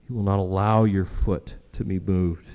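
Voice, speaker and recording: A pastor delivering a sermon in a warm, mellow man's voice. He moves between earnest, animated passages and quiet, prayerful lows. The sound carries a long reverb, as in a church sanctuary. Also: normal speed, clean tone. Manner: earnest preaching with rising animated stretches and hushed prayerful lows.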